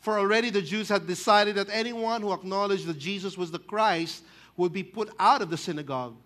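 A man with a Filipino accent preaching a sermon, switching between English and Tagalog and acting out people's reactions with sudden loud exclamations. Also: sits high, fairly quick. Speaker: pastor.

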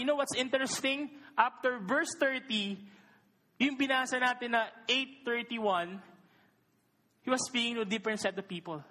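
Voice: mid-range voice, pushed and bright. A preacher with a Filipino accent delivering a sermon, speaking emphatically, asking the congregation questions and mixing Tagalog into English. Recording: long reverb of a large hall.

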